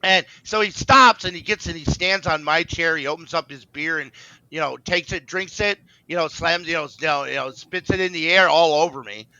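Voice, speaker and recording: A man's voice: fairly high pitch, brisk, bright, forceful tone, dry recording, muffled recording. A man co-hosting a podcast, telling a rambling story in casual chat, full of fillers and restarts and acting out the voices he quotes. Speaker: podcast co-host.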